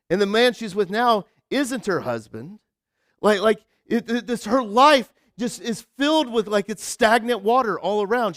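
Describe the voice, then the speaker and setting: A man's voice: high-pitched, no echo, clean studio sound. A young man preaching a casual, conversational sermon, telling stories with lots of "like" and restarts. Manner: chatty storyteller, many repeated "like" and restarts. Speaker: pastor.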